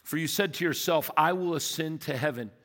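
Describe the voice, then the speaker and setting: A male pastor preaches a sermon in a church sanctuary, his voice sitting a little high for a man. He talks emphatically and keeps putting questions to his congregation. The sound carries a long reverb from the hall. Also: fairly quick, a bit bright.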